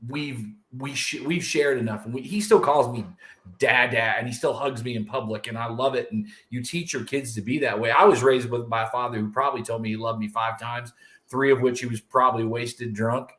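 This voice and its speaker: A middle-aged man co-hosting a podcast, telling family stories in a chatty, animated way. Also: medium pitch, fairly quick. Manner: animated, chatty, calls his partner dude. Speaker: podcast co-host. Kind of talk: casual chat, personal storytelling. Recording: roomy echo.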